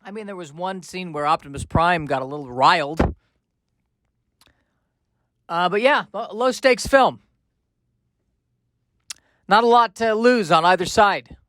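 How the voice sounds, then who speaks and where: A man's voice: high-pitched, a little slow, pauses often, a bit bright, no echo. A man hosting a podcast, rambling through comic, self-mocking asides in a casual monologue. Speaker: podcast host.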